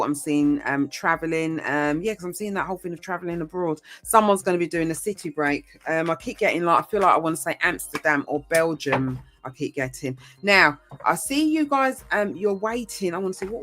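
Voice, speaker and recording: A woman gives a casual tarot reading in a somewhat low voice. She talks in a chatty, rambling way, full of ums and the odd swear word. Faint music plays in the background. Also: fairly quick, fairly bright tone. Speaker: tarot reader.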